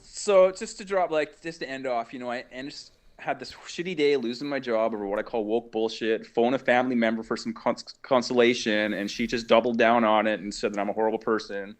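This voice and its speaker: A man's voice: mid-range voice, steady tone, a little fast, hardly any pauses. A man calling in to a talk show, rambling through a travel story and swearing casually. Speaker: caller.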